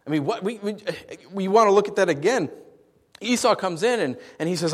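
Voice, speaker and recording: A man's voice: high-pitched, fairly quick, slightly rough. A man preaching a sermon, telling stories playfully with big swings in his voice. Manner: animated, playful storytelling with big vocal swings. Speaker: pastor. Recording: long reverb of a large hall.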